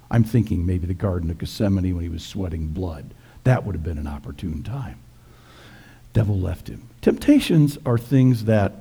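Brief: male pastor, folksy joking sermon, gravelly and husky, dark mellow tone. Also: fairly low pitch.

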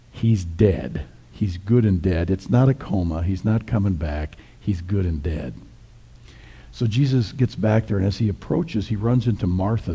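A man's voice: lowish voice, mellow, breathy edge. A middle-aged male pastor preaching a sermon, retelling scripture in a folksy, conversational storytelling manner.

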